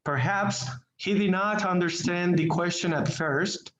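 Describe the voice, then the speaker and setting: A man whose first language is Spanish teaching an English class online, speaking slowly and deliberately and repeating words as he searches for them. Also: sits high, fairly bright tone, a little hiss or hum. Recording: echoey, dull online class audio.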